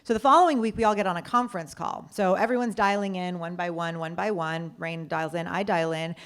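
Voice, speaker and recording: A woman co-founder telling an anecdote in an interview, acting out the voices of the people she quotes. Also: brisk. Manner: lively storyteller acting out quoted voices with big pitch jumps. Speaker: company co-founder, interview guest.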